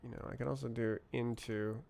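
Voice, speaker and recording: A man thinking aloud as he works through code on a live stream, muttering to himself in halting fragments. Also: mid-range voice, steady tone, creaky, a little mellow, slight background noise. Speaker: programmer streaming live coding. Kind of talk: thinking aloud while coding.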